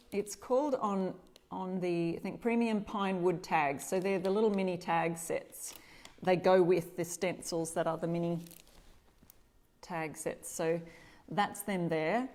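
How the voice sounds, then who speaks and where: A woman's voice: on the low side, takes it slowly, a little mellow. Chatty Australian woman hosting a craft live. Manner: chatty, greets viewers by name. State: slightly stuffy, clearing throat. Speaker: DIY craft host. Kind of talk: casual live-stream chat. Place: home workshop.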